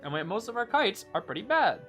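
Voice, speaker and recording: Animated bright-voiced young male streamer. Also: fairly quick, faint music behind. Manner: excitable, swinging from low groans to sudden shouts. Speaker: game streamer. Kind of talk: live gameplay commentary.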